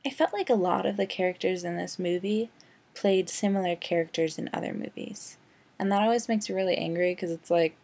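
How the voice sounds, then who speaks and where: Gravelly, sarcastic young woman ranting. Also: mid-range voice, a little fast, a little mellow. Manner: sarcastic, rambling, heavy use of "like". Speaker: vlogger. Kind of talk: casual movie rant.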